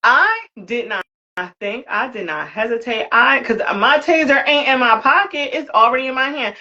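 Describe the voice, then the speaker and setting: A woman's voice: high-pitched, expressive, moderate pace, sharp tone, dull audio. A woman telling a comic story with lots of energy, swearing now and then and acting out the voices she quotes. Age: older. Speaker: guest, creator of a brand for Black women.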